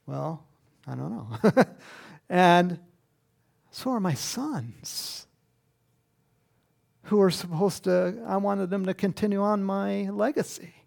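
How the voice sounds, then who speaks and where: A man's voice: high voice, slow, vocal fry, pauses often, darkish tone. A male preacher delivering a sermon and reading scripture, talking animatedly with frequent chuckles and rhetorical questions.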